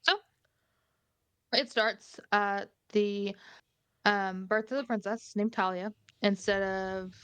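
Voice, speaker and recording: A woman co-hosting a podcast who talks in a relaxed, conversational way with casual fillers. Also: mid-range voice, takes it slowly, long pauses, clean tone, no echo. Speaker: podcast co-host.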